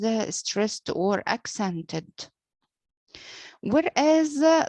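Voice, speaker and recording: Woman teacher, Arabic first language, very slow lecture with many pauses and fillers, dry sound. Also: a little high, no echo. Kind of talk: lecture on poetic meter.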